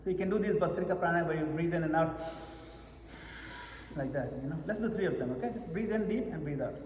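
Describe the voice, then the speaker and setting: A man's voice: on the high side, fast, a little mellow. A man leading a meditation retreat session, coaching his listeners and often checking that they follow. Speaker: japa retreat teacher. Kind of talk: meditation workshop instruction. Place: retreat hall. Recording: echoey hall with long reverb.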